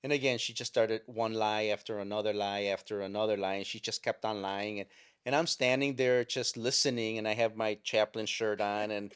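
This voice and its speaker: A man's voice: fairly low pitch, fairly even intonation, clear, resonant tone. Older man, chaplain telling stories. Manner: halting, with many fillers and restarts. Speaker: chaplain and guest. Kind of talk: storytelling interview.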